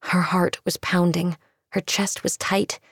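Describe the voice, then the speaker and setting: A woman reads fiction aloud in a low, gravelly voice with a steady, dramatic delivery. The recording is close and dry. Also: slow pace, no room sound. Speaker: narrator. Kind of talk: audiobook narration.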